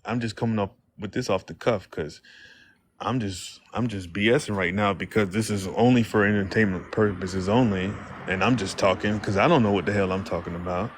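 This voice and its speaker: A man's voice: fairly low pitch, a little fast, a little hiss or hum. A man hosting a casual livestream, rambling in slangy speech and acting out quoted exchanges. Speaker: livestream host.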